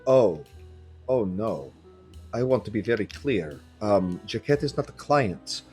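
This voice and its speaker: A man voicing a suave male minotaur who speaks softly and earnestly in a soft fictional Dromish accent, in a tabletop game. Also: lowish voice, sing-song, unhurried, soft background music, pitched below the performer's own voice. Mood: careful.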